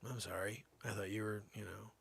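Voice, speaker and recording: Man doing gravelly, muttering giant dog, mock-sorry, comedy bit. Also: lowish voice, fairly even intonation, a little fast, a bit bright, heavily acted. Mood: sheepish. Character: giant sheepish female Saint Bernard dog.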